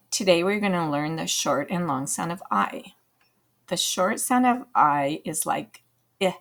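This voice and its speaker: A woman's voice: on the low side, unhurried. A woman teaching an English reading lesson, sounding out letters and short words one by one and repeating them. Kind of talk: slow phonics lesson.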